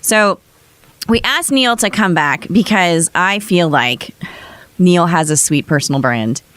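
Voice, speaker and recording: Chatty low-voiced woman host. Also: expressive, a little slow, a bit bright. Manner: chatty, quoting others in a playful voice. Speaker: podcast host. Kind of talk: casual podcast chat.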